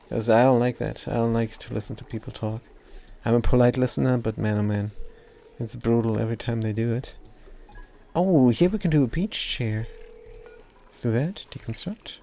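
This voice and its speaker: A man's voice: mid-range voice, creaky, mellow. A German man in his sixties with a German accent, chatting casually and teasingly while live-streaming a game. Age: 60s.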